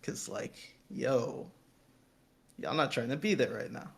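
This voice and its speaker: A man's voice: mid-range voice, slow, gravelly, husky. A man playing a tabletop game on stream, talking in a laid-back, slangy way. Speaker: player. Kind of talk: casual tabletop game chat.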